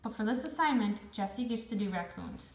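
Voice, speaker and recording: A woman's voice: medium pitch, expressive, fairly quick, a little mellow, close to an everyday voice. A woman reading the part of a strict female schoolteacher in a storybook, firm and patient. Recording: roomy echo.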